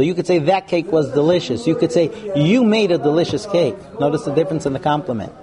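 A man teaching a live class on marriage, talking frankly and acting out couples' lines in put-on voices. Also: on the high side. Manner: animated, acts out quoted couples. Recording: live room with audience noise.

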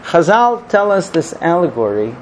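A man giving a sermon, telling a parable in an animated storytelling manner. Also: a little high, normal speed, slight background noise, rough recording. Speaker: religious teacher.

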